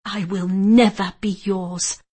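A woman's voice: mid-range voice, level tone, slow pace, warm tone, breathy edge. A woman reading the lines of a proud young lady held captive, speaking firmly and defiantly. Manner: firm, defiant.

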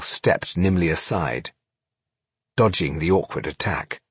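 A man narrating a fantasy audiobook in a measured, dramatic way, with a husky voice. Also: low-pitched, expressive, no room sound. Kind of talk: scripted narration.

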